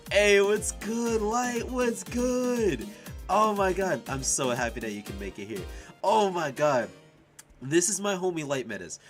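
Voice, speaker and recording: A young man chatting on a casual livestream. He is excitable and swears a lot, laughs often and shouts at his chat. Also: mid-range voice. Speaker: streamer and music composer.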